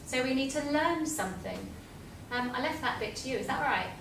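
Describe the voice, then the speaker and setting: A woman co-presenting a school assembly, gentle and encouraging with a light teasing edge. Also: high-pitched, animated, a little fast, slight background noise. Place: school room. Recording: echoey room, mic at a distance.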